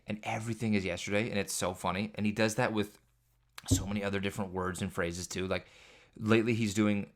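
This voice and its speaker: A man with a fairly low voice hosts a podcast as a solo, casual comedic monologue. He rambles from one parenting story to the next, joking and exaggerating as he goes. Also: fairly even intonation, brisk. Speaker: podcast host.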